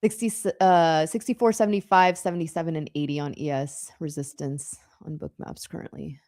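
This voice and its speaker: A woman's voice: deep voice, fairly even intonation, fairly quick, darkish tone. A woman co-hosting a live trading stream, chatting casually, laughing often and calling out price levels.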